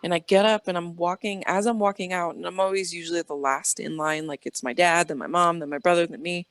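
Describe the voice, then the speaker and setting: Woman guest, low-pitched, chatty and rambling storyteller, dry close sound. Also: steady tone, fast, dry recording. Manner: chatty, rambling, acts out dialogue. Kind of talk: casual storytelling interview.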